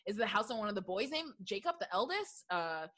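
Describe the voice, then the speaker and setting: A woman co-hosting a casual movie review podcast, animated, laughing often and acting out lines from films. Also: mid-range voice, fairly quick. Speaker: podcast co-host.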